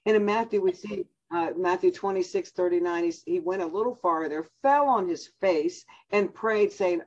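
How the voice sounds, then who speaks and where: A woman's voice: fairly low pitch, moderate pace, hardly any pauses. A woman preaching a sermon on a call, chatty and laughing often. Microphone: video call. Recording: dull lo-fi call audio.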